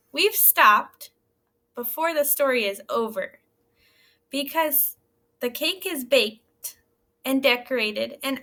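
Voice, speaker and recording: A woman teaching young children in a recorded lesson, reading a story aloud and asking gentle, encouraging questions. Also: fairly high pitch. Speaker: elementary school teacher.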